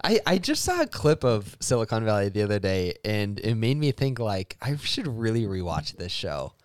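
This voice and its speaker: Easygoing podcast guy, bouncy pitch, stumbles into sentences, dry sound. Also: sing-song, moderate pace, clear, resonant tone, no room sound. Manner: hesitant starts, agreeable. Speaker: podcast co-host. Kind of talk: casual chat.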